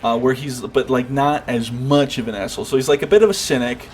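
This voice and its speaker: A man's voice: medium pitch, a little fast. Rambling man chatting over game noise. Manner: rambling, many fillers and restarts. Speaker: streamer. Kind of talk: casual chat while gaming.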